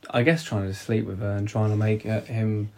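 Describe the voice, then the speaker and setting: A man talking casually about a film, rambling and halting with many restarts. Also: fairly low pitch, little pitch movement, a little mellow.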